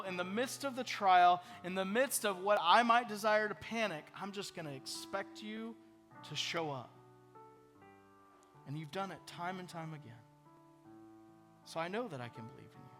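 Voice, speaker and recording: Man, pastor, high-pitched, earnest sermon, soft music underneath. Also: normal speed. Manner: earnest, conversational preaching with prayerful asides.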